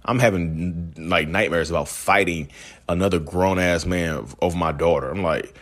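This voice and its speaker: A man's voice: sits low, normal speed, fairly bright tone. A young adult man venting to his viewers in a casual vlog, heated and exasperated. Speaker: vlogger.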